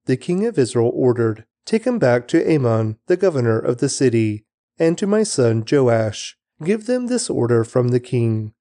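A man giving an expressive scripted reading of scripture, raising his voice for the quoted speakers. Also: medium pitch, dry recording. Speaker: Bible reader.

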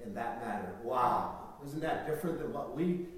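A man preaching a sermon with emphatic, repetitive phrasing and big swings between quiet and loud, in a large church hall. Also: mid-range voice, lively intonation, normal speed. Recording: echoey hall, voice from far off.

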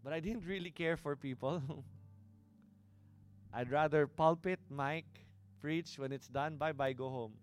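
A man's voice: a little high, slow pace, long pauses, smooth, faint music behind. A middle-aged man with a Filipino accent preaching a sermon, mixing English with Tagalog and stressing his points. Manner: switches between English and Tagalog, emphatic preaching. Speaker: pastor.

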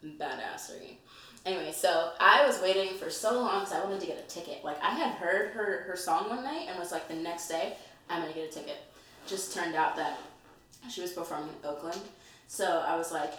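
A woman chatting casually, telling a story in an animated way and laughing often. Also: fairly low pitch, a little fast. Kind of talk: casual chat. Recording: echoey room, far mic, faint noise.

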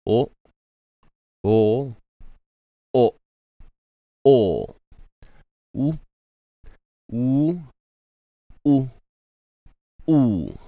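A man's voice: deep voice, clean tone, no echo. A man teaching a language class, patiently modelling vowel sounds and checking in with his students. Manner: slow, careful, models vowels aloud with frequent "right?" and "um".

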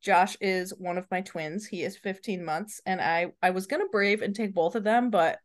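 In a casual podcast conversation, a woman in her thirties co-hosts and laughs a lot while recounting humorous parenting tales with animation. She speaks at a normal speed in a mid-range voice.

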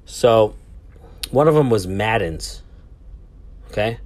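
A man's voice: on the low side, expressive, takes it slowly, darkish tone. A man in his thirties casually telling a travel story, rambling and swearing, with lots of fillers and restarts.

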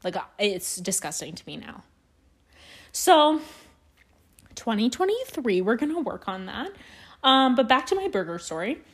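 A woman's voice: on the high side, big pitch swings, measured pace, pauses often. A young woman from Canada telling rambling stories on her solo podcast, swearing often and poking fun at herself. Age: young adult. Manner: rambling, swears a lot, self-deprecating. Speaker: podcast host. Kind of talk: casual solo podcast storytelling.

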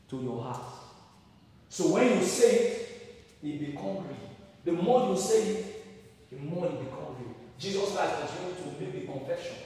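A Nigerian man preaches a sermon with a high voice, calling out questions and pushing to loud emphatic peaks. He sounds far from the mic in a large hall with heavy echo and a long reverb tail. The recording is roomy and distant. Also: animated, unhurried, long pauses. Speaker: pastor.

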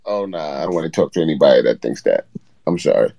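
A man's voice: a bass voice, animated, quick pace, gravelly, mellow, no echo, highs cut off. A man hosting a casual live audio chat, exasperated and profane as he keeps the others in line. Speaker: host.

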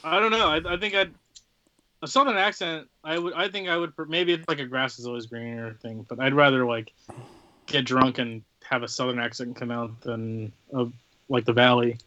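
Man, casual chat, hesitant, self-deprecating, bright tone, dull lo-fi sound. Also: medium pitch, steady tone, normal speed, no room sound.

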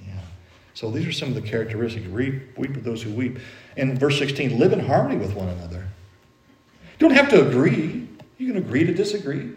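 Folksy preacher in a roomy church. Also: male voice, medium pitch. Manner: conversational, folksy preaching with everyday anecdotes. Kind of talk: sermon.

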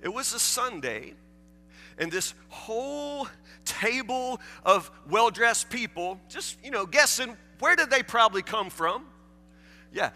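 A man's voice: very high-pitched, sing-song, a little slow, pushed and bright, faint music behind. A man, preaching a folksy, self-deprecating sermon in a large church, recorded with long hall reverb. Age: 40s. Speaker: pastor. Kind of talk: sermon with storytelling.

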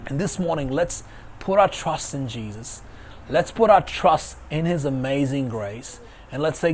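A man's voice: mid-range voice, expressive, normal speed, a little mellow, slight background noise. A man preaching an online sermon as pastor, emphatic and repeating his key phrases. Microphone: video call.

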